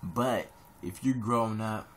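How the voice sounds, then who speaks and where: A young man from Columbus, Ohio, giving rambling casual advice in a vlog, animated with sudden high-pitched jumps. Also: a little slow, slight background noise.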